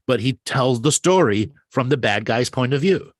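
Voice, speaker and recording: A man's voice: medium pitch, animated, normal speed, dry recording, clean studio sound. A man hosting a casual live call-in chat, rambling and enthusiastic, often restarting his words. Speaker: show host.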